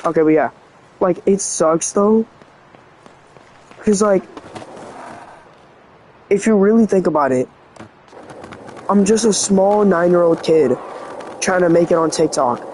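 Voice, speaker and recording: A man's voice: high voice, slow, long pauses, darkish tone, slight background noise, low-quality recording. A teenage boy vlogging in an earnest, rambling way, full of "like" fillers, his voice slightly sick and cracking. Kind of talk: confessional vlog talk.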